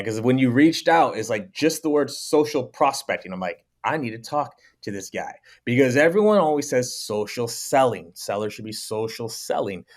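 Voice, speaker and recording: A man hosting a sales podcast interview, talking with an energetic, emphatic delivery. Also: mid-range voice. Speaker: podcast host.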